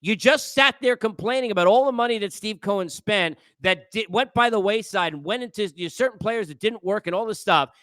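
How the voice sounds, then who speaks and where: A man hosting a sports talk show, his voice high and bright as he lectures listeners in an exasperated rant. He hammers his points by repeating them. The sound is dry and close, with no room around it. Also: a little fast, few pauses, no room sound. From New York area.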